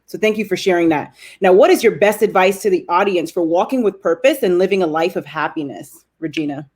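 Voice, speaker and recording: A woman's voice: lowish voice, fairly quick, a little mellow, breathy edge. A woman hosting an interview, courteous in manner and saying "ma'am" to her guest. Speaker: interview host.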